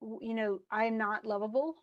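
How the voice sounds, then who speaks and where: A woman's voice: fairly high pitch, fairly even intonation, normal speed, highs cut off. A woman college English instructor giving an informal lecture. She reads passages from a story aloud and comments on them in a chatty way, with many fillers and restarts.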